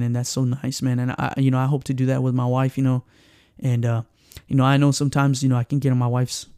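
A man with a Mexican accent, hosting a podcast in casual chat and telling stories with lively acted-out quotes and Spanish phrases. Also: medium pitch, smooth, no room sound, clean studio sound. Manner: animated storyteller who acts out quotes and slips into Spanish phrases. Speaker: podcast host.

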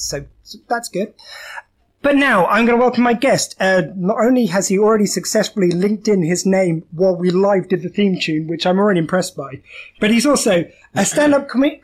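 Rambling, self-deprecating podcast host. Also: medium pitch. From southern England. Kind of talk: live podcast hosting. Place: live event venue.

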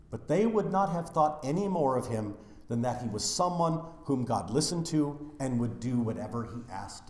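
A man preaching a funeral sermon as pastor, swinging from loud declarations to hushed, near-whispered lines. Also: medium pitch, echoey room.

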